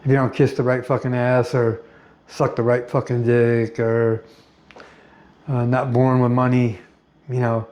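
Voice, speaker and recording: A middle-aged American man in a rambling personal monologue, blunt and profane, pausing often with fillers. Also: medium pitch, little pitch movement, a little mellow. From United States. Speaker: vlogger.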